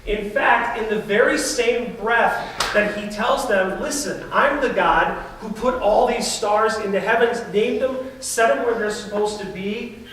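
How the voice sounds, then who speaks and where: A man's voice: sits high, fairly bright tone, a little hiss or hum. A male pastor preaching a sermon in a church, emphatic and speaking directly to the congregation. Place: church sanctuary. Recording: very echoey church sound from a distance.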